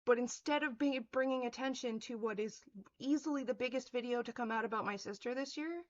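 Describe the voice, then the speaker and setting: A woman's voice: fairly high pitch, fairly quick, muffled recording. Furious woman ranting with profanity. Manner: mocking quotes in a sneering voice. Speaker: vlogger. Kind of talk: angry rant to camera.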